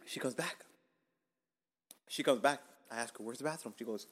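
A young man tells a long story on his podcast. He talks casually and swears a lot. He drops to a whisper or jumps up in pitch when he acts out his own lines. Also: normal speed, long pauses, a bit bright, slightly rough. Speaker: podcast host.

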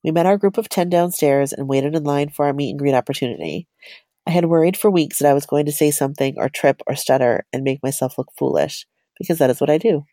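A woman's voice: sits low, fast talker, dark tone, no room sound. A woman co-hosting a podcast, reading a personal story aloud in a chatty, giggly way.

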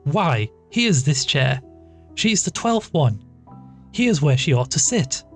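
A woman's voice: deep voice, big pitch swings, slow pace, soft background music, full character voice. A man reading aloud and voicing a hearty, mischievous young woman who teases and presses impatiently.

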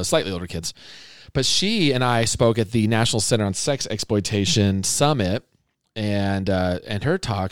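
A man's voice: fairly low pitch, smooth, dry recording. Man, podcast host, casual interview, rambling, self-correcting, dry close sound.

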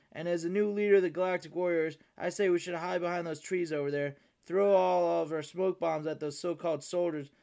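A man's voice: a little high, gravelly, darkish tone, voice pushed up. A man voicing Frosty, a cocky and sarcastic snowman hitman, in a homemade storybook reading. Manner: boastful, sarcastic.

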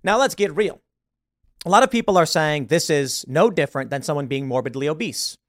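A man's voice: on the high side, lively intonation, brisk, no echo, clean studio sound. Emphatic man hosting solo commentary. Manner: emphatic, opinionated, rhetorical questions. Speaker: show host.

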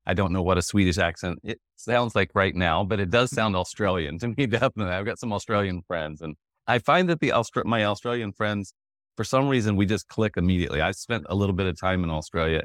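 Podcast host, fifties, very low voice, jovial and rambling, dry close sound. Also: male voice, expressive, fast talker, a bit bright, dry recording. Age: 50s. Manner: jovial, laughs often, rambling restarts. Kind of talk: conversational interview.

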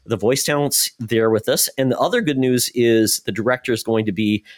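A man co-hosting a casual podcast, easygoing and quick with a joke. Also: medium pitch. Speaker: podcast co-host. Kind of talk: casual chat.

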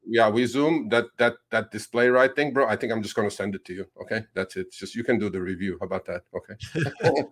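A man's voice: fairly low pitch, a little fast. A man who drives rideshare, co-hosting a casual talk show and ranting sarcastically about his work, with frequent fillers and restarts. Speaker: rideshare driver and podcast co-host. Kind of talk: animated casual chat.

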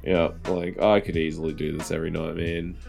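A man's voice: sits low, level tone, brisk, vocal fry, faint music behind. A man, chatting casually as a podcast co-host, rambling and swearing freely. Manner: rambling, swears freely, acts out quoted lines loudly. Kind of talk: casual chat.

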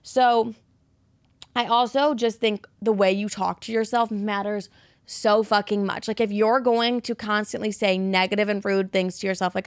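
A woman's voice: medium pitch, fairly even intonation, normal speed, no room sound, studio quality. Blunt, swearing young woman podcaster. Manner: blunt, profane, pep-talk tone. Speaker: podcast host. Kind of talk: casual monologue.

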